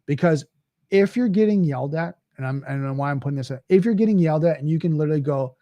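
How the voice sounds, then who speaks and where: A man's voice: a little high, fast, warm tone, dry recording, muffled recording. A man hosting a podcast, talking in a casual, conversational monologue with frequent restarts and "right?" asides. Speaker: podcast host.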